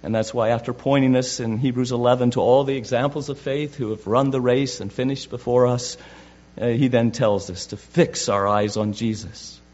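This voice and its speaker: A man's voice: medium pitch, fairly even intonation, moderate pace. Fervent male preacher on a dull recording. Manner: fervent, swings from loud to hushed. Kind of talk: sermon. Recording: dull lo-fi with mains hum.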